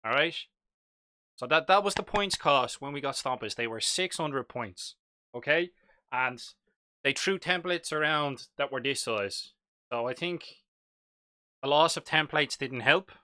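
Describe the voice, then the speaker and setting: A man's voice: on the high side, animated, unhurried, pauses often, bright, forceful tone, dry recording, clean studio sound. A young man with a Dublin accent, chatting casually and jokily while hosting a live hobby stream. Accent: Irish, Dublin. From Ireland. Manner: chatty, jokey, reads chat aloud.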